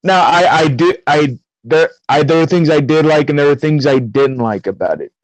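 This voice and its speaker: A man's voice: on the high side, expressive, normal speed, dry recording, rough recording. A man co-hosting a podcast, talking casually and hesitantly with frequent "uh" and restarts. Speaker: podcast co-host. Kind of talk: casual chat.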